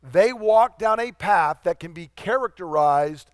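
High-voiced man preaching a sermon. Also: expressive, no room sound, clean studio sound. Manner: conversational preaching with fillers, slowing for emphasis. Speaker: pastor.

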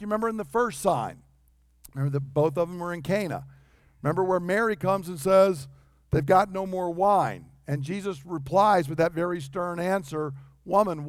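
A man in his fifties preaches a sermon in a high, bright-pitched voice. He is emphatic and conversational, slipping into quoted voices as he goes. The sound is dry and close, with no room around it. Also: dry recording. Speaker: pastor.

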